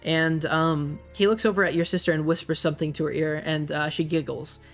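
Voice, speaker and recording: A game master describing the scene in a hesitant, meandering way, with frequent pauses, over soft music. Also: mid-range voice, fairly even intonation. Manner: hesitant, many fillers. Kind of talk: narrating a tabletop game.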